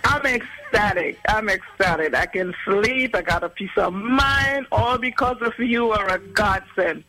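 A woman giving an excited, effusive testimonial to a radio show, repeating her phrases for emphasis. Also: mid-range voice, a little slow.

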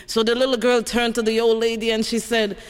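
A man telling a joke as an unhurried storyteller with small restarts. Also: very high-pitched, monotone, smooth, long reverb tail.

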